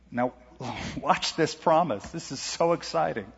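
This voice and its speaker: A middle-aged man preaching a sermon as pastor, animated, asking rhetorical questions and reading scripture aloud. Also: fairly high pitch, unhurried, creaky, husky. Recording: lo-fi church recording with long hall reverb.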